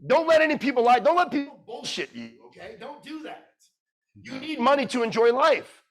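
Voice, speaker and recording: A man with a high-pitched voice delivers a motivational speech to a room of listeners. He is blunt and profane and keeps firing questions at the crowd. He drops from loud urging into quiet, emotional storytelling. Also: animated, fairly quick. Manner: blunt, swears freely, quizzes the audience. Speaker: keynote speaker. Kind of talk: motivational speech to a live audience.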